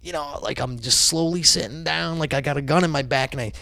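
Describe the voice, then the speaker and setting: A man telling a profane, animated story in casual chat. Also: fairly high pitch, fairly quick, creaky, no room sound, clean studio sound.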